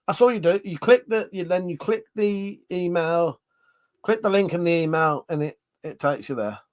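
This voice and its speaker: A man's voice: high-pitched, lively intonation, normal speed, no echo. Laughing man hosting a livestream. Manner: laughs often, crude banter. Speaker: livestream host. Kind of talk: casual chat reading viewer comments.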